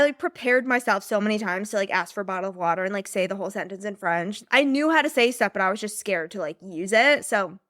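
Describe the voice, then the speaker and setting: A young woman talks in a bubbly, rambling way, full of fillers and quick laughs. Her voice sits a little high, recorded close and dry with no room sound. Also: fairly bright tone, dry recording. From United States. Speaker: podcast host and business mentor. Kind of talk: casual chat.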